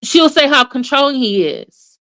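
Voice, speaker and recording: A woman with a slightly high voice gives casual commentary on online drama. Her delivery is sassy and animated, and she often slips into quoted lines. She sighs in disbelief between her points. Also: measured pace. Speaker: YouTube commentator.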